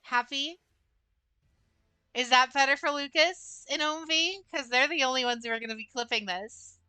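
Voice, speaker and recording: A woman's voice: high-pitched, brisk, pushed and bright, clean tone, dry recording. A young adult woman streaming a game, chatting casually with viewers in a rambling way full of fillers. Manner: chatty, rambling, talks to chat with many fillers. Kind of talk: casual gameplay livestream chat.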